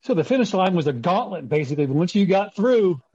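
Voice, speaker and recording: Husky-voiced interviewer, lively pitch. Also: quick pace, lo-fi sound. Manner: brief, playful interjections. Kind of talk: casual chat.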